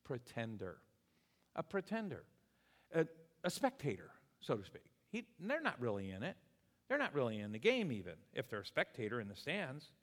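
A man's voice: medium pitch, normal speed. A man preaching a sermon in church, telling stories and acting out the people in them. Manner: animated storytelling preacher, voices people in anecdotes. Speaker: pastor. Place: church sanctuary. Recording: long hall reverb.

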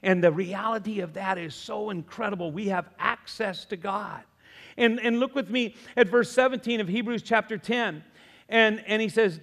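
A male pastor preaching a sermon, emphatic and animated as he tells a story. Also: sits high, moderate pace, long reverb tail.

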